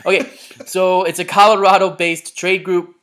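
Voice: mid-range voice, little pitch movement, moderate pace, fairly bright tone. A podcast co-host from Chicago in casual banter, joking around, swearing and tossing in silly accents.

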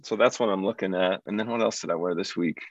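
A man talks in a loose, easygoing way on a casual podcast, his voice sitting low. The sound is dry with little room to it. It comes across slightly muffled. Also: quick pace, dry recording. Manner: laid-back, loose, full of "like". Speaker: podcast participant.

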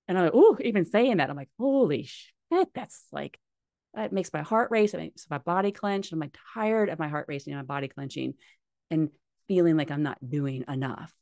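A woman's voice: low voice, fairly quick, gravelly, darkish tone, no room sound. A woman talking as a podcast guest, candid and heartfelt, swearing casually. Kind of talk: candid conversational interview.

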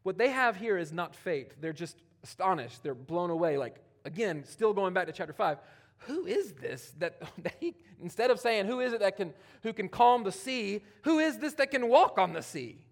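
Male pastor, higher voice, animated sermon delivery, casual asides, big swings between loud and soft. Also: normal speed. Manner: animated, swinging from loud emphatic preaching to quiet near-whispers; conversational, with casual asides and playful quoted voices.

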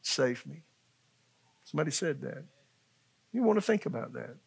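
A man's voice: medium pitch, animated, moderate pace, creaky, slightly rough. An older man, a pastor, preaching a conversational sermon and asking his congregation questions.

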